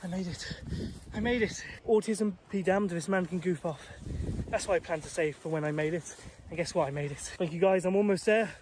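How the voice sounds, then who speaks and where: A man's voice: fairly high pitch, a little fast, noisy background. A British man vlogging outdoors on a jungle island, muttering anxiously to himself and sometimes whispering. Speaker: travel vlogger. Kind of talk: vlog narration while trekking. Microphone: handheld camera or phone.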